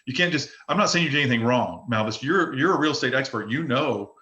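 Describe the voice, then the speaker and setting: A man leads an open forum for real estate agents, coaching them in an emphatic, looping, repetitive way with frequent restarts. His mid-range voice is bright and forceful, with lively intonation and a quick pace. The recording has a noticeable roomy echo and the highs are cut off.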